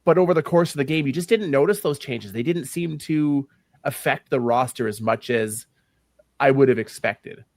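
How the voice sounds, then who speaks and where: This podcast co-host has a mid-range voice and talks at a moderate pace. He chats casually about football, full of opinions, and sometimes has to hunt for the right word.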